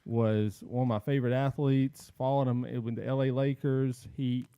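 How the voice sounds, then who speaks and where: A man hosting a casual podcast, telling an animated story and acting out what people said. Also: mid-range voice, normal speed, clear, resonant tone, dry recording, studio quality. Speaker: podcast host.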